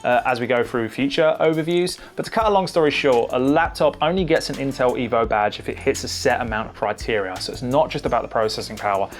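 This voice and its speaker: A man giving a relaxed, conversational laptop overview as a tech reviewer, with frequent fillers. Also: mid-range voice. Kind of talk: casual product overview.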